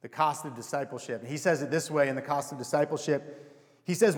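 Young man, pastor, chatty sermon, rhetorical questions, slightly high voice, long reverb. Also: fairly quick. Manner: conversational and self-deprecating, with rhetorical questions.

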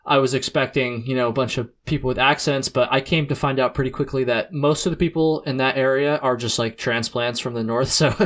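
A man's voice: mid-range voice, fairly even intonation, a little fast, hardly any pauses, a bit bright. A young man from New England hosting a podcast, chatting in a laid-back way, saying dude and like a lot and laughing often. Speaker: podcast host. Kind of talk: casual chat.

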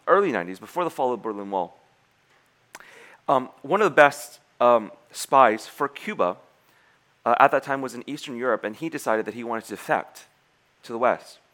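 A man's voice: medium pitch, moderate pace. A man preaching a sermon, telling a spy story and acting out the characters' lines, with frequent restarts. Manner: animated storyteller acting out quoted dialogue, many restarts.

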